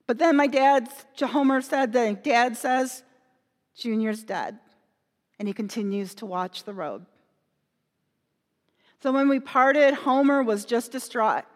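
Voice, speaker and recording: A woman retelling a parable as a first-person story, in an animated, emotional way. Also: sits high, slow. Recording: long hall reverb.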